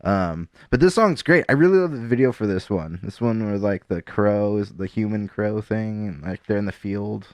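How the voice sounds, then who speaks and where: Low-voiced rambling man on a podcast. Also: lively intonation, dry recording, studio quality. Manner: rambling, halting, many restarts and fillers. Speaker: podcast co-host. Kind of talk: casual chat about music.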